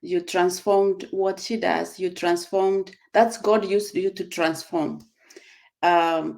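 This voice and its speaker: Woman, very slow pace, affirming, prayerful, mid pitch. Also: a little mellow. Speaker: company supporter in a group conversation.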